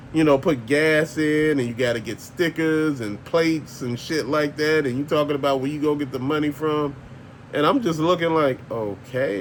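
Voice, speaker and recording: A man's voice: on the high side, a little hiss or hum. An older man, ranting bluntly and profanely as a channel host, laughing often. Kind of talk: casual ranting monologue.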